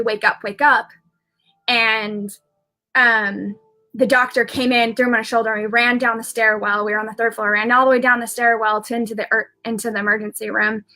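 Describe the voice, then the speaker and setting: A woman's voice: fairly high pitch, pushed and bright. A woman who works as an intuitive medium, telling a personal story on a live video in a rambling way, with many fillers and restarts.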